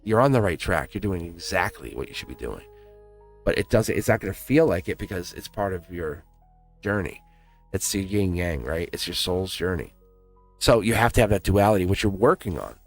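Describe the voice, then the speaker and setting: Deep-voiced man giving a tarot reading. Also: animated, moderate pace, soft background music. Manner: earnest, repetitive, laughs often. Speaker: tarot reader. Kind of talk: live-streamed tarot reading.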